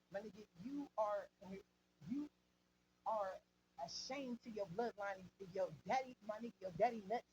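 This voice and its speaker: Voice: mid-range voice, a little mellow. A life coach giving a motivational spiritual monologue in profane street slang, preachy and full of repeated filler phrases. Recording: dull lo-fi recording with faint hum.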